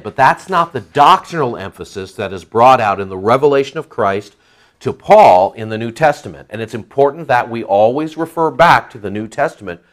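A man preaching an expository Bible sermon, stressing key words and repeating phrases for emphasis. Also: medium pitch.

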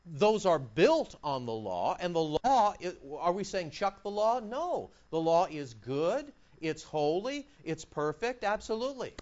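A male pastor preaching a sermon, animated and emphatic, firing off mocking rhetorical questions. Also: high voice, measured pace, hardly any pauses, dull audio.

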